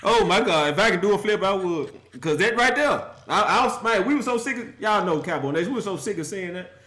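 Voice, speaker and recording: A man's voice: high-pitched, brisk, background noise. Laughing, mocking man ranting about football. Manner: laughs often, mocking and animated. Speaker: football commentary vlogger. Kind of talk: casual sports rant.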